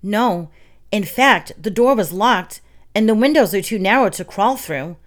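A woman's voice: medium pitch, lively intonation, a little slow, lightly acted. A woman voicing a frightened, flustered male baker who stammers and breathes hard. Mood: fretful.

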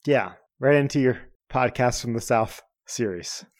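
A man co-hosting a casual podcast, relaxed and joking as he describes a beer. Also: mid-range voice, a little slow, no echo. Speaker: podcast co-host.

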